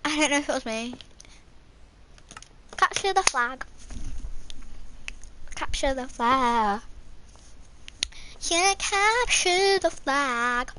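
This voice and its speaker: A woman's voice: sits high, lively intonation, slow, long pauses, background noise. Playful young woman singing over gameplay. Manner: playful, sings and hums to herself. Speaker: gamer. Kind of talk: casual gameplay commentary.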